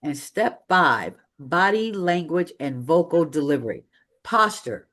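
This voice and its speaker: A public speaking coach teaches a live room with an energetic, emphatic delivery and a mid-range voice. The pace keeps shifting, slowing on key points and speeding through transitions. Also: mid-range voice. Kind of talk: live training presentation. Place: meeting room with an audience.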